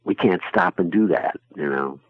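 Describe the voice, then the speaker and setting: A man, an actor being interviewed, chatting in a relaxed, rambling, self-deprecating way. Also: deep voice, normal speed, narrow, tinny audio. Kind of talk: casual interview chat.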